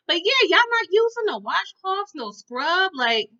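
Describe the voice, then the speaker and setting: Woman vlogger for recaps, high voice with a lot of swing, chatty and reactive, muffled home audio. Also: sing-song, a little slow, bright, forceful tone. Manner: chatty, addresses viewers as "y'all", exaggerated reactions. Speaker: episode recap host. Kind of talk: casual storytelling recap.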